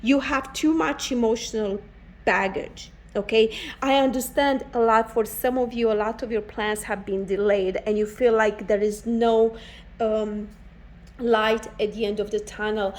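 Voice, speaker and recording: A woman's voice: fairly high pitch, steady tone, a little slow, darkish tone, low-quality recording. A woman doing a pick-a-card tarot reading, speaking in an earnest, encouraging way and often repeating herself. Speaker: tarot reader.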